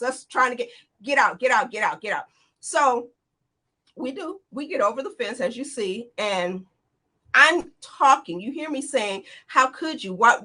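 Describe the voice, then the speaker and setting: Bright high-voiced woman telling her story. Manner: animated, tumbling retelling with quoted dialogue. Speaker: interview guest. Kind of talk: emotional personal account.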